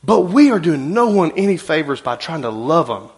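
A man's voice: fairly high pitch, lively intonation, fairly quick. A man, preaching a sermon as pastor, emphatic, with his voice rising and falling.

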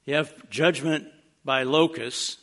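A man's voice: a little high, fairly even intonation, takes it slowly, fairly bright tone. A man preaching a casual, plainspoken sermon, dropping in wry humorous asides as he teaches. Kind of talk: conversational sermon.

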